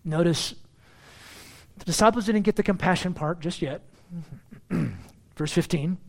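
Man preaching an emphatic sermon. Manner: emphatic preaching, repeating key phrases, rising in pitch for emphasis. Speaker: pastor.

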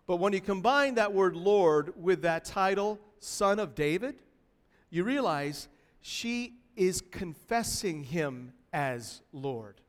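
A man preaching a sermon to a church congregation, expressive and building intensity as he acts out a pleading cry. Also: sits high. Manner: expressive preaching, voices a pleading woman in rising tones. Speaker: pastor. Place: church hall. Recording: long hall reverb.

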